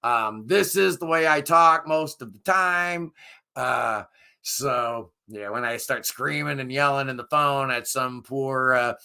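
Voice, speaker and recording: Hoarse gravelly-voiced man chatting casually. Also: medium pitch, sharp tone. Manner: rambling, enthusiastic, self-deprecating. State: hoarse, losing his voice. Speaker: music review channel host. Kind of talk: casual live chat with viewers.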